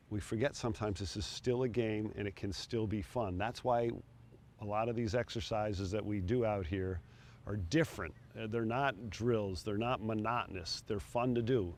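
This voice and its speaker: A middle-aged man coaching putting outdoors on a green, talking in a relaxed, encouraging way between putts. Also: fairly low pitch, slight background noise. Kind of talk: on-course instruction.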